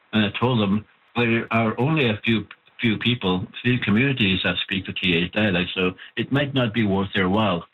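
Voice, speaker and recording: A man's voice: fairly low pitch, husky. Man explaining patiently over a tinny phone line. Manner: patient, explanatory, spells out terms slowly. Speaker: author of a Cree language book, interview guest. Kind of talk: interview answers over the phone.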